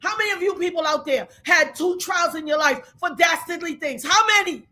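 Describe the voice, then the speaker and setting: A woman giving an angry, tearful commentary rant, shouting, cursing and praying aloud in between. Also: extremely high pitch, a little fast. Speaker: commentary vlogger.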